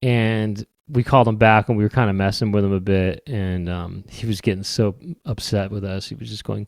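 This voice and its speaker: A man's voice: on the low side, steady tone, normal speed, creaky, few pauses, no echo. Man, podcast host, wry, rambling, dry recording. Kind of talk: casual comedic monologue.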